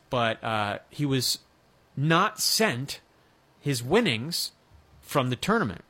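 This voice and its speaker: A man's voice: fairly high pitch, a bit bright. Joking radio sports host, a man. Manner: chatty, joking, with restarts. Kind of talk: casual sports talk.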